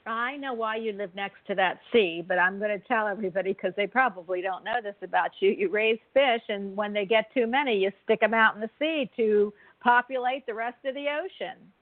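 A woman's voice: medium pitch, fairly quick, hardly any pauses. A woman hosting a casual talk show with gushing, theatrical enthusiasm. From United States. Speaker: show host. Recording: tinny phone-like audio.

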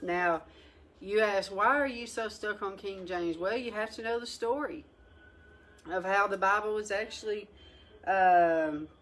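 A woman leading a Bible study, exhorting her listeners emphatically with sharp rises in pitch. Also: unhurried. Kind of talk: lively Bible teaching.

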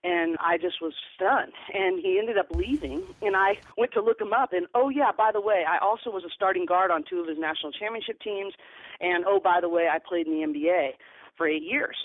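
A woman basketball coach, appearing as a podcast guest, answers interview questions with stories, speaking earnestly in a lowish voice at a fairly quick clip. She often restarts sentences and repeats words as she begins them. The audio comes over a tinny phone line and is dry, with no echo.

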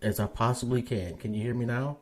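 A man's voice: medium pitch, fairly even intonation, a little fast, darkish tone. Profane chatty man hosting a podcast. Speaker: podcast host. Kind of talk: casual interview chat.

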